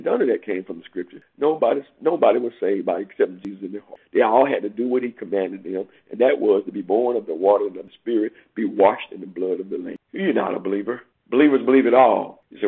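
A male preacher delivers an emphatic sermon in a gravelly, husky voice. He repeats phrases and jumps up in pitch to drive home his warnings. The sound is a tinny, phone-like radio broadcast. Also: lively intonation, fast, few pauses. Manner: emphatic, repeats phrases, swings from low to high pitch when stressing points.

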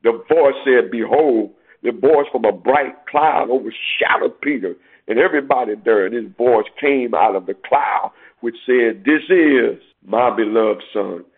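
A man's voice: medium pitch, a little slow, husky. A man preaching a sermon, quoting scripture and climbing in emphatic bursts. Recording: tinny phone-like sound.

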